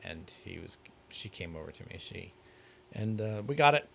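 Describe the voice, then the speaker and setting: A man in casual chat, telling an animated anecdote with acted-out quotes. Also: low-pitched, normal speed, gravelly.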